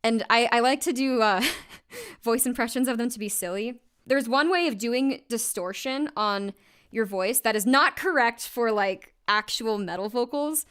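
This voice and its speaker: Bright-voiced chatty woman singer. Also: a little high, clear, resonant tone. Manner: chatty, quick laughs, frequent "like". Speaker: singer streaming a vocal recording session. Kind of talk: casual livestream chat.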